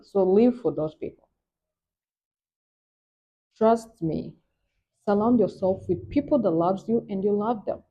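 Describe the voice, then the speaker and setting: In a muffled recording, a young woman with a Nigerian accent talks in a mid-range voice. Her personal vlog is candid and earnest, delivered emphatically, and she keeps repeating "trust me."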